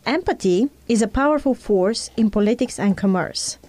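A woman's voice: fairly high pitch, animated, normal speed, darkish tone. A woman in an earnest conversation, explaining ideas in a teaching tone and drawing on personal examples. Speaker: speaker in a conversation.

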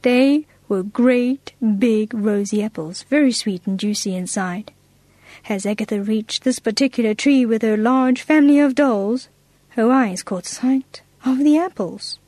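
A woman reading a children's story aloud in a gentle, expressive way. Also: a little high, a little slow, no echo.

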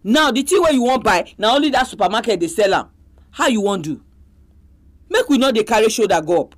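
A woman's voice: on the high side, animated, brisk. A woman with a Nigerian accent preaching a sermon, exhorting her listeners with pointed rhetorical questions.

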